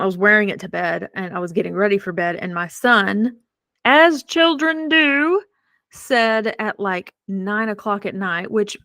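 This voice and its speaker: A middle-aged woman hosting a podcast, telling a personal story in a chatty, animated way with self-deprecating humor. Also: mid-range voice, no echo. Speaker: podcast host. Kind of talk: casual storytelling.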